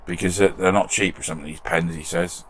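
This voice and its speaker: A man's voice: deep voice, steady tone, fast talker, a bit bright. A British man hosting a model restoration channel, chatting casually in his shed workshop and reading out viewer comments with self-deprecating humour.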